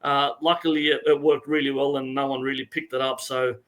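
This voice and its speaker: A man's voice: mid-range voice, level tone, brisk, a bit bright. A man, a referee coach, chatting with laughs and lots of fillers over a video call. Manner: laughing, hesitant, many fillers. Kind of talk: casual chat on a video call.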